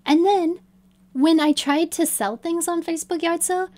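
A young woman from the United States, a streamer chatting casually and excitedly in her bedroom, often restarting and laughing. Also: very high-pitched, moderate pace. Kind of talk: casual chat.

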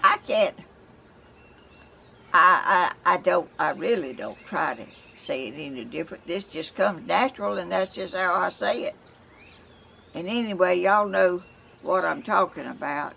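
Older southern woman, gravelly voice, slow rambling chat, faint outdoor hum behind. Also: on the low side, lively intonation, bright, forceful tone. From Georgia, US. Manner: rambling, chatty, with many restarts. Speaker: crafts vlogger. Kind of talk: casual chat to camera.

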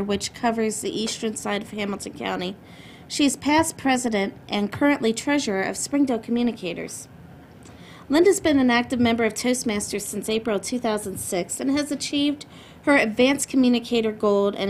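A woman hosts a club meeting and introduces the next speaker. She speaks clearly and formally, at a measured pace. Her voice sits somewhat high, with faint noise behind. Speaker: meeting host. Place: meeting room.

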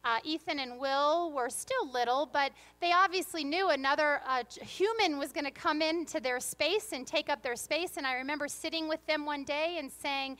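A woman's voice: high voice, moderate pace, few pauses, fairly bright tone. A woman pastor giving a sermon in a church, moving between earnest reflection and playful, humorous storytelling. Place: church sanctuary.

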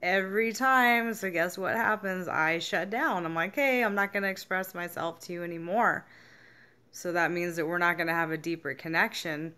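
A woman's voice: lowish voice, steady tone, moderate pace, pushed and bright. A young adult woman vlogging candidly about feelings, swearing freely and acting out what people said to her. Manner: frank, swears freely, acts out quoted reactions. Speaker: self-help vlogger. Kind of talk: casual candid monologue.

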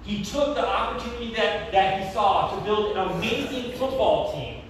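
A young man preaching a sermon in a church, telling stories in a conversational, animated way. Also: sits high, normal speed, a little hiss or hum. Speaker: pastor. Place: church sanctuary. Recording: very echoey, from far off.

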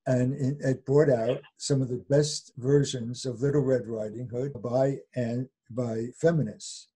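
An older man with a mellow, slightly husky voice tells a folk tale as an interview guest. He chuckles often and briefly acts out the characters' lines as he goes. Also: medium pitch, steady tone, measured pace. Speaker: fairy tale scholar guest. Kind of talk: animated storytelling in interview.

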